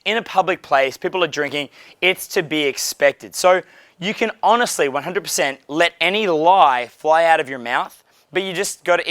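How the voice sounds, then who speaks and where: A man in his thirties, a dating coach giving casual, profane, animated coaching talk and acting out dialogues. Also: fairly high pitch, dry recording. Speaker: pickup coach.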